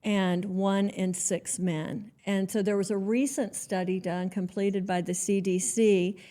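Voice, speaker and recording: A woman hosting an interview podcast in a mellow, warm voice at a mid pitch. She speaks in a measured, earnest way and chooses her words carefully as she leads the conversation. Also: steady tone. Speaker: podcast host.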